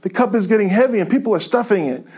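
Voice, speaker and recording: A man telling a faith story to a church, lively and chuckling as he goes. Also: sits high, fast talker, slightly rough. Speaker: guest speaker sharing a testimony.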